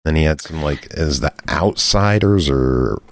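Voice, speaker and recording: A man's voice: very deep voice, animated, a little slow, no echo, clean studio sound. A man co-hosting a podcast, joking around and swearing casually. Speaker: podcast co-host.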